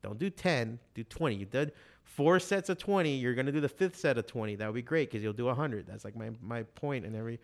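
A man in casual conversation, telling animated stories with a lot of swearing and acting out what other people said. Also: mid-range voice, fairly quick, creaky. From Miami, USA. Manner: animated storytelling, heavy swearing, quotes others in voices. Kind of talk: casual chat.

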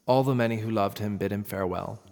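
A man narrating a myth in a measured, dramatic storytelling manner. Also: fairly low pitch, vocal fry, darkish tone. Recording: long reverb with faint music.

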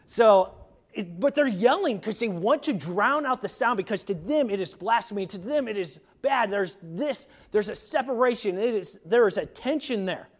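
A middle-aged man, a pastor, preaching a sermon in a conversational way, with many fillers and restarts. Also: very high voice.

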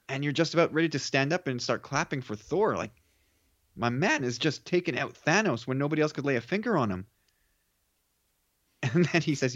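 A man's voice: on the high side, lively intonation, fairly quick, a bit bright, no echo, muffled recording. A man appearing as a podcast guest, retelling film scenes in an earnest, emotional way. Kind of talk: casual film review chat.

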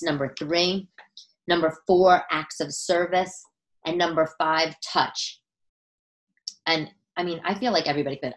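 Woman podcaster chatting away, lowish voice, lively and chatty, lots of restarts. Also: moderate pace, rough recording. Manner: animated and chatty, with frequent restarts. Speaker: podcast host. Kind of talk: casual chat. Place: living room.

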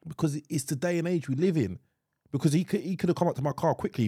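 A man, co-hosting a casual podcast, quick and chatty, often cutting in. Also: on the high side, mellow, breathy edge, no echo. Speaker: podcast co-host. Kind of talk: casual chat.

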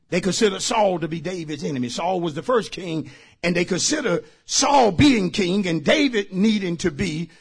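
A man preaching a sermon as pastor, swinging between shouted lines and near-whispers. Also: sits high, breathy edge.

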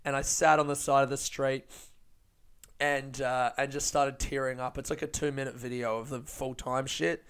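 A man hosting a podcast, telling stories in an animated, sweary way and laughing often. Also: medium pitch, moderate pace, clean tone. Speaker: podcast host and stand-up comedian. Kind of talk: casual podcast monologue.

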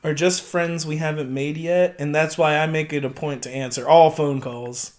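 A man's voice: fairly high pitch, steady tone, moderate pace. A man co-hosting a casual film podcast, chatty and joking, laughing often and swearing casually. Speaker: podcast co-host.

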